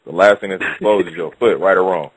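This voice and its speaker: A man's voice: low voice, fast, breathy edge, no echo, low-quality recording. A man from Long Beach calling into a show, needling the host with questions in a drawling way. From Long Beach, California. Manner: drawling, needling, keeps cutting in. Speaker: caller. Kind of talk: taunting phone-in banter.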